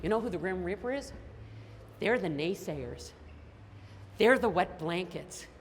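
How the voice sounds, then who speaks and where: A woman from Canada giving a high-energy motivational keynote, telling stories with lots of emphasis. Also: animated, measured pace. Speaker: keynote speaker. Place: large conference hall. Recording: echoey hall with faint noise.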